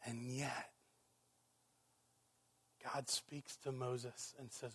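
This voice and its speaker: A man preaching a sermon, emphatic, firing rhetorical questions and swinging from loud exclamations down to hushed, quiet passages. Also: medium pitch, flat delivery, drawn-out words, long pauses, slightly rough. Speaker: pastor.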